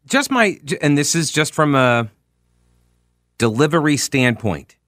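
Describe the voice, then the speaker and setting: A man hosting a political talk radio show, talking in an animated, sardonic and emphatic way into a studio microphone. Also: a little high, a little slow, dry recording. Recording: dry studio sound.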